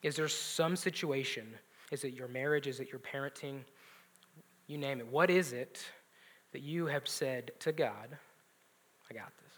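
A man preaching a sermon, swinging between loud emphatic lines and hushed, near-whispered asides. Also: mid-range voice, a little slow. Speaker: pastor.

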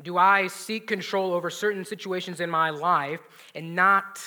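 A man preaching a sermon, swinging between loud emphatic lines and hushed, near-whispered asides. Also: sits high, unhurried. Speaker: pastor.

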